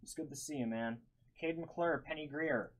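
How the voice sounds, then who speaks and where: A man's voice: on the high side, moderate pace, poor audio. A man hosting a live-streamed card break, calling out each card and chatting with viewers by name.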